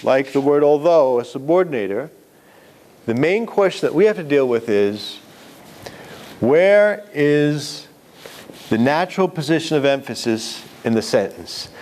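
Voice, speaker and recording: A writing instructor lectures students in a somewhat high, slightly mellow voice. He's conversational, correcting himself as he goes and putting questions to the audience.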